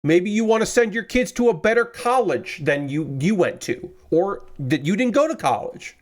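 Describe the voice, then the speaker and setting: A man's voice: high voice, sing-song, moderate pace. A man streaming live while building a model kit, rambling casually with frequent restarts and the odd swear. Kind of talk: casual chat.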